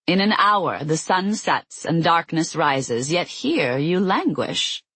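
A cruel winged goddess of strife, put on by an audiobook narrator, taunting in a slow, drawn-out, mocking voice. The sound is dry and close, a little husky. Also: mid-range voice, big pitch swings, fairly bright tone, no room sound, heavily acted. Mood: gloating.

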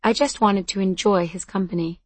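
A woman's voice: mid-range voice, steady tone, moderate pace, no echo. Audiobook narrator, woman, earnest and conversational first-person telling, dry booth sound.

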